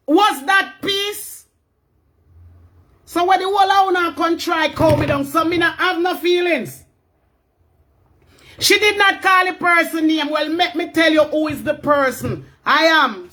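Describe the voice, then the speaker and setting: A middle-aged woman with a Jamaican accent, angrily ranting on a livestream, often shouting and repeating herself. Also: high voice. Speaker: livestream talker. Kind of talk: heated livestream rant.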